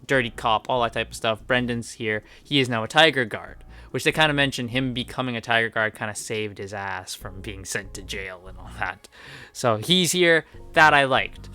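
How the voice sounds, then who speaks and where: A man's voice: medium pitch, moderate pace, pushed and bright, clean tone. A man giving casual, enthusiastic video game commentary, rambling with lots of fillers. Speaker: gaming video creator.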